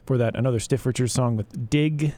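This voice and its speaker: A laid-back man co-hosts a college radio show at a middle pitch. He rolls through the playlist and rambles easily between songs. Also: brisk, mellow. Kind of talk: casual radio chat.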